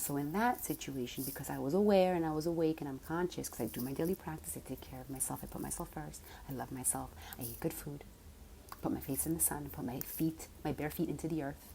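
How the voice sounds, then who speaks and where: A woman coach telling a personal story in a casual monologue, animated and at times dropping to soft whispered mantras. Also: low-pitched, slight background noise. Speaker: spiritual coach.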